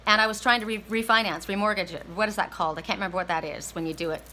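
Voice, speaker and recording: A woman from the United States with a bright, forceful voice tells a personal story during a tarot reading, near tears and often restarting her sentences. She repeats herself as she talks through it, and there is a faint hiss of noise behind her. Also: mid-range voice, steady tone, rapid-fire, low-quality recording. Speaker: tarot card reader.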